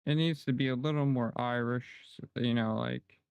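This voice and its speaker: A man's voice: medium pitch, normal speed, clean tone, dry recording, poor audio. A man streaming and chatting casually, teasing and bossing around an AI assistant and complaining when it falls short. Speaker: game streamer. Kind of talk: casual livestream chat.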